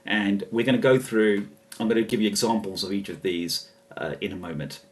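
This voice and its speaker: A man's voice: on the low side, fairly even intonation, a little fast, far from the mic. Chatty man, a little off-mic. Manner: chatty, hesitant, many fillers and restarts, chuckles often. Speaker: presenter demonstrating software. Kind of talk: casual screen-share walkthrough.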